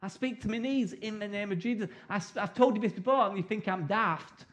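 A middle-aged man, preaching a sermon. His voice sits high for a man, and he talks in a loose, joking, conversational way, acting out little scenes of prayer as he goes. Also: a little fast.

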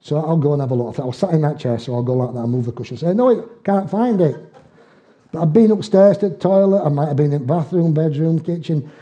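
Northern english preacher guy, joking and chatty, deep mellow tone, muffled lo-fi recording. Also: fast talker, few pauses. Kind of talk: conversational sermon with personal stories. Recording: dull, muffled lo-fi sound.

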